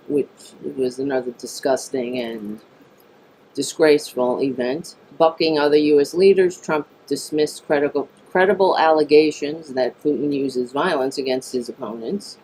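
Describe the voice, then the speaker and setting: A woman's voice: deep voice, dark tone, slight background noise. Blunt, profane woman streaming political talk. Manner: blunt, profane, exasperated asides. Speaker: political talk show host. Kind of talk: live-streamed political commentary. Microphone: streaming mic. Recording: tinny mic sound.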